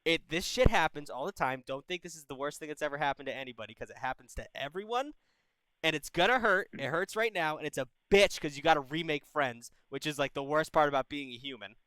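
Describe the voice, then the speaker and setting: A man's voice: fairly high pitch, lively intonation, quick pace, pushed and bright, clean tone, dry recording, low-quality recording. A man in his twenties hosting a call-in advice stream, giving blunt, profane, brotherly advice in casual chat. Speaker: advice show host.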